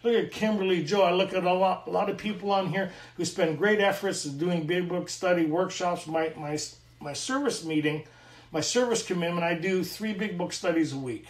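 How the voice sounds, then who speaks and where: A man's voice: high-pitched, moderate pace, reverberant, far from the mic. A middle-aged man from Canada, earnestly sharing a personal recovery story at a meeting and acting out the dialogue.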